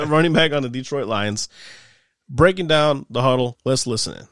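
A man's voice: medium pitch, lively intonation, a little slow, a bit bright, no room sound. A man hosts a casual sports podcast in a dry, close-miked sound. He talks animatedly, laughs often and swears freely. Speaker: podcast host.

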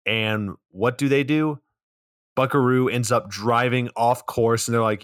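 A man's voice: medium pitch, fairly even intonation, unhurried, no echo. A man co-hosting a podcast, casually recapping a movie with loose plot summary, swearing and dry asides. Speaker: podcast co-host.

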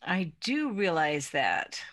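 A woman's voice: lowish voice, very animated, takes it slowly, a bit bright. A woman co-hosting a podcast in casual chat, laughing easily as she talks. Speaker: podcast co-host.

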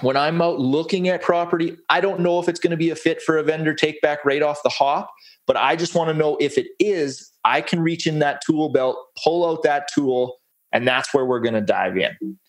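A man's voice: a little high, moderate pace. A man presenting a real estate case study on a webinar, upbeat and folksy, walking through steps. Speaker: guest presenter.

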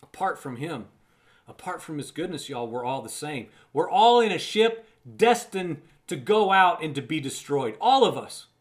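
In a recorded Bible teaching, a man speaks in a fairly high, very animated voice at a moderate pace. His delivery is conversational and emphatic, with repeated words for emphasis and the listener called friend.

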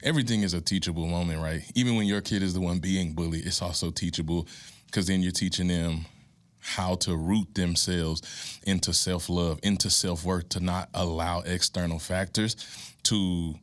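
A man with a low, deep voice speaks as a podcast guest. His advice is candid and earnest, and it builds toward impassioned, sermon-like conviction. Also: fairly even intonation, normal speed.

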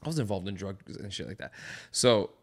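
A young man hosting a casual chat with a fellow comedian, excitable and full of slang. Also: lowish voice, breathy edge. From Portuguese family background. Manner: rapid, excitable, says man and bro a lot. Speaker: podcast host, stand-up comedian.

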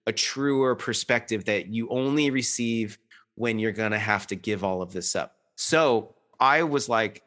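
A man's voice: on the low side, measured pace, a bit bright. A man in his thirties talking in an earnest, rambling way, full of restarts and fillers, as a guest in a reflective conversation.

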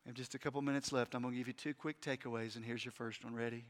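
A man preaching a sermon emphatically, moving between hushed and loud delivery. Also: mid-range voice, level tone, very fast. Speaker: pastor. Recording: long hall reverb.

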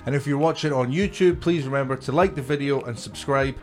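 A man's voice: medium pitch, fairly quick, faint music behind. Man, podcast co-host, casual chat, teasing banter, casual swearing.

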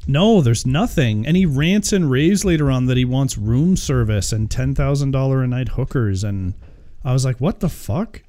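A man co-hosting a movie review podcast, talking casually and profanely, animated and hesitant, acting out mocking quotes. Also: mid-range voice, normal speed. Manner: animated, mocks with put-on quotes, frequent hesitations.

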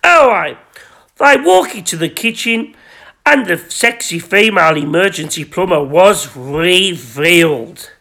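Bloke reading his own smutty story deadpan on his podcast, really high voice, gravelly and bright. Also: measured pace. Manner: rambling, crude, self-important. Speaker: podcast host.

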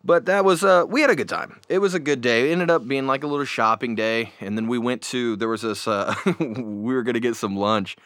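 A man talking casually into a desk mic, rambling and animated, with plenty of fillers. His voice sits at an ordinary middle pitch. The sound is dry and close, with no room echo. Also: fairly quick, few pauses. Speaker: podcast host. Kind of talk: casual storytelling chat. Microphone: new desk microphone.

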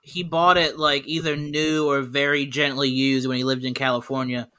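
A man's voice: medium pitch, level tone, moderate pace, sharp tone. A man co-hosting a podcast, telling loose, rambling anecdotes packed with "like" in a casual chat. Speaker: podcast co-host.

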